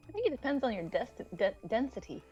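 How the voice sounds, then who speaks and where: A woman playing in a tabletop game, animated and chatty. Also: on the high side, fast, soft background music. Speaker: player. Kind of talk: casual tabletop game chat. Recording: muffled lo-fi audio.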